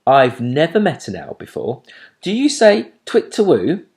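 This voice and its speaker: Brief: man voicing a bossy little storybook girl, high and know-it-all, slow and lively. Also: full character voice. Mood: chatty. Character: bossy, proud little schoolgirl.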